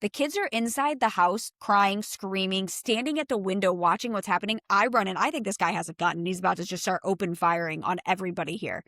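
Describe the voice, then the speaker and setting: A young woman co-hosts a podcast for real estate agents, talking in an animated, casual and profane way. Her voice sits at an ordinary middle pitch and is recorded very dry, with no room around it. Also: brisk, hardly any pauses, no room sound.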